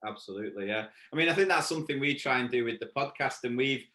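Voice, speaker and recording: British man, podcast co-host, easygoing chat, bright tone, echoey room. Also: mid-range voice, expressive, fast talker. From United Kingdom. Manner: easygoing, laughs often.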